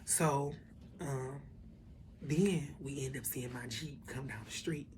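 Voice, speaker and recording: Low-voiced woman ranting through a storytime vlog, lots of cussing and asides, faint room noise. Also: normal speed. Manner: animated, profane retelling with many asides. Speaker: vlogger.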